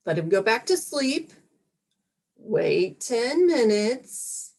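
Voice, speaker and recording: A woman doing a stand-up set with a slow deadpan delivery, voicing her young daughter in between. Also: mid-range voice. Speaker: stand-up comedian.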